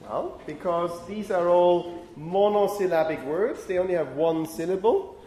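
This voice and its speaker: A linguistics lecturer gives a university lecture in a high, warm voice at a slightly slow pace. He explains things carefully and keeps asking "okay?" to check understanding. The room is echoey with faint ambient noise.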